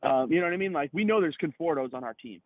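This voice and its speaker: Excitable man on a tinny phone line. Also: a little high, fast, no room sound. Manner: excitable, profane, rambling with many fillers. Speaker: podcast co-host. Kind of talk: casual sports chat.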